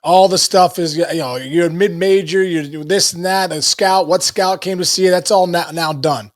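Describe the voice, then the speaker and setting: A man talks as a podcast guest in an upbeat coaching tone, often repeating his words. His voice sits high. The sound is dry and close. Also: steady tone, normal speed, dry recording. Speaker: podcast guest, former ballplayer. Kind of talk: casual podcast conversation.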